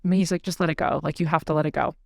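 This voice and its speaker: Low-voiced woman host telling a heartfelt story, dry close mic. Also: racing, creaky, no echo. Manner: earnest, animated retelling with quoted speech. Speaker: podcast host. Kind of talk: casual storytelling conversation.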